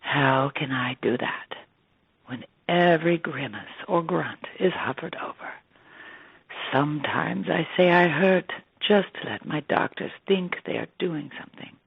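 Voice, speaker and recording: A woman's voice: deep voice, unhurried, creaky, slightly rough, no room sound, exaggerated voice. A woman voicing a frank, tired old woman of 78 with a Yorkshire accent, heard through a tinny, dry, phone-like line. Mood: exasperated. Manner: tired, blunt, grumbling. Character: frank 78-year-old woman, weary cancer patient.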